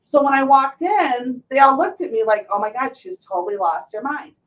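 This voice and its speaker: A middle-aged woman host with a fairly high voice tells stories animatedly, acting out other people's lines. She sounds set back from the microphone, and the recording is muffled and dull. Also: normal speed. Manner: animated storyteller, acts out quotes. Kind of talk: casual talk show chat. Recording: distant muffled mic.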